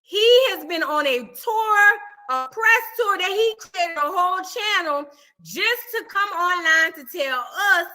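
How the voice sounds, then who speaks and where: A woman hosts a live stream in a loose, chatty way, reading out viewers' comments as she goes. Her voice sits high and sounds bright and forward. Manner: animated, chatty, reads viewer comments aloud. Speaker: livestream gossip host. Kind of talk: casual live-stream chat.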